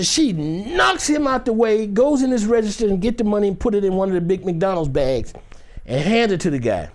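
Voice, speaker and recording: Animated man telling a dramatic story. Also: high-pitched. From Detroit, US. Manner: animated, acts out every voice in the story. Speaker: actor. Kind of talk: storytelling in a chat.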